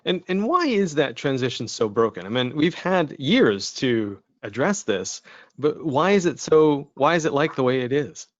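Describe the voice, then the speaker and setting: A man's voice: medium pitch, sing-song, normal speed, no room sound. Male host from Canada, mid-range voice, friendly and chatty, dry lo-fi remote sound. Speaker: podcast host. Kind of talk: interview hosting.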